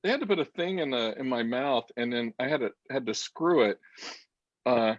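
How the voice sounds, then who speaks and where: Animated, rambling man on a video call. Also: mid-range voice, normal speed, dry recording, dull audio. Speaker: co-host. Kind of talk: casual chat.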